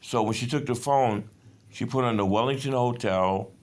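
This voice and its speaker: A man's voice: mid-range voice, moderate pace. A man in his fifties in a rambling personal monologue, agitated and profane, jumping between stories. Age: 50s. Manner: agitated, profane, digressive storytelling.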